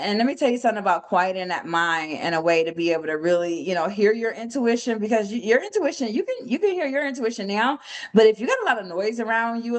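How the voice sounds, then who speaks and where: A young woman at a middle pitch, running an easygoing trading lesson. She talks in loose slang and swears casually, and her voice shoots up when she retells a story. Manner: animated when retelling stories, voice jumps up. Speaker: trading mentor. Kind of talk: casual teaching session on a call.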